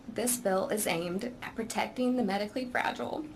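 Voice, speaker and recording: Woman, parent giving committee testimony; earnest, emotional, measured delivery, faint background noise. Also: mid-range voice, creaky, low-quality recording. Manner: earnest, emotional, slow and deliberate. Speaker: parent testifying at a legislative hearing. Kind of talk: reading prepared testimony.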